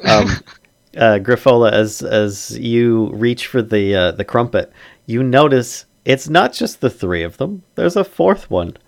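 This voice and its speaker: A man's voice: medium pitch, expressive, a little slow, vocal fry. A man narrating as game master of a tabletop game, hesitant and full of fillers.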